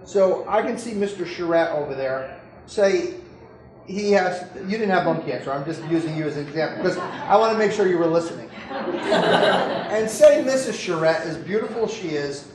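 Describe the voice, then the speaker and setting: A doctor giving an informal medical lecture to an audience, talking conversationally, joking and putting questions to the listeners. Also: male voice, high-pitched, animated, normal speed, a crowd in the background. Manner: conversational, jokey, keeps asking the audience questions. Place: lecture room. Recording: roomy echo with faint background noise.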